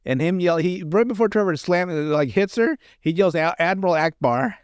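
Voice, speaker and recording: A man's voice: high voice, moderate pace, a little mellow, smooth, dry recording, studio quality. A man hosting a podcast, telling sketch stories in a rambling, profane, chuckling way. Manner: rambling, profane, laughing storyteller. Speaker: podcast host. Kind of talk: casual chat, recapping comedy sketches.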